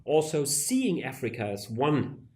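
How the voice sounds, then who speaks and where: A male professor answering interview questions in a measured, deliberate way, often pausing to search for words. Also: medium pitch, very animated, a little mellow.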